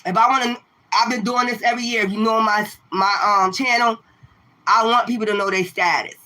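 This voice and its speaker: A woman who does tarot readings on a livestream, ranting straight at her viewers. Her voice is sharp and forceful, full of swearing and combative rhetorical questions that she keeps coming back to. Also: fairly high pitch, steady tone, brisk. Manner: profane and confrontational.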